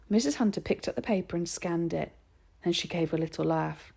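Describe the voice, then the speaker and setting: A woman narrating a children's novel aloud in an expressive storytelling manner. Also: fairly low pitch, fairly quick, vocal fry, husky.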